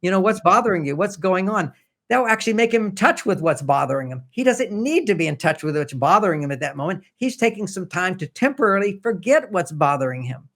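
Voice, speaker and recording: Older man, podcast guest, slightly high voice, chatty storytelling, acts out quoted dialogue. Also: big pitch swings, fast, few pauses, a bit bright. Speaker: relationship author and podcast guest. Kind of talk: conversational storytelling.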